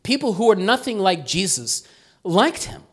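A man preaching a sermon as pastor, in a conversational, animated way, often tagging "right?" and acting out quotes. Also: high-pitched, moderate pace, husky.

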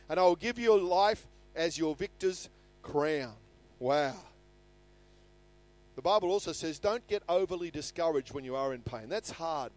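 With a high, slightly mellow voice, an older man delivers a sermon as a pastor, reading scripture with earnestness and rising emphasis. Faint music can be heard in the background.

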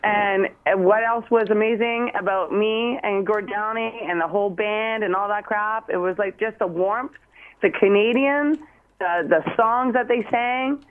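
A woman's voice: mid-range voice, unhurried. A woman calling in to a radio show, talking in a gushing, emotional, rambling way. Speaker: caller. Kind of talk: phone-in chat. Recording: tinny phone line.

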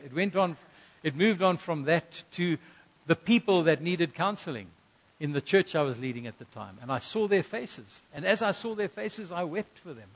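A middle-aged man preaching from the pulpit, his voice sitting a little higher than most men's. He tells his story earnestly and pushes certain phrases out with sudden emphasis. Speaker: pastor. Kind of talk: sermon.

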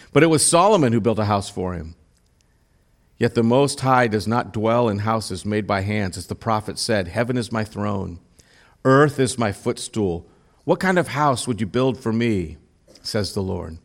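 A man preaching a sermon as a pastor, reading scripture aloud and then explaining it, sometimes rising in intensity and asking the listeners direct questions. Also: mid-range voice.

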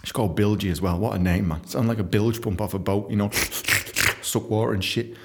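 A young man tells workplace stories in a loose, swearing monologue. He is animated and often laughs. He slips into quick voices for the people he describes. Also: fairly low pitch. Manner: animated, profane, laughing, mimics others in quotes. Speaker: podcast host telling stories from his book. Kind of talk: casual storytelling monologue.

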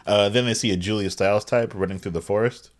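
Podcast co-host, man, very deep voice, quick laid-back delivery. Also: steady tone. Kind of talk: casual comedic movie recap.

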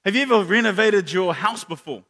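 A man preaching a sermon, animated, telling stories and acting out quotes, with many repeated words. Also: high-pitched, a little fast, in a large hall. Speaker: pastor.

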